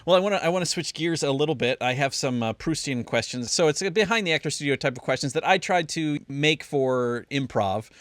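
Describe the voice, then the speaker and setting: A man's voice: on the high side, animated, brisk, hardly any pauses, fairly bright tone, dry recording, clean studio sound. Easygoing man hosting an interview. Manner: curious, easygoing, asks follow-up questions. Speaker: podcast host and interviewer. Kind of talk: casual interview talk.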